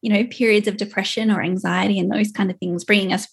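A woman hosting a podcast, affirming her guest and speaking with animated, laughing energy. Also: medium pitch, fast talker, gravelly, slightly rough. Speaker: podcast host. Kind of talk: conversational interview.

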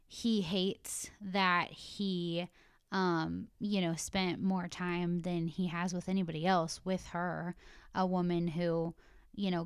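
A young woman co-hosting a podcast, retelling a reality show episode in casual, animated chat. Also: mid-range voice, smooth, no room sound, clean studio sound. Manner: animated storytelling, laughs often. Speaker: podcast co-host.

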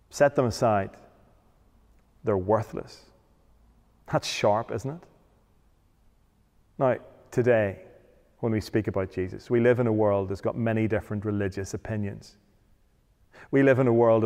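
A man's voice: medium pitch, a little mellow. A man preaching a sermon, emphatic, often asking rhetorical questions. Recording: long hall reverb.

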